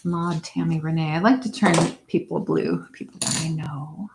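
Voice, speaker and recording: A woman's voice: fairly even intonation, normal speed, creaky, slight background noise. A woman hosting a casual crafting livestream from home, chatting with viewers and talking to her dog in baby talk now and then. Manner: slips into high baby talk with her dog, drops to soft whispers.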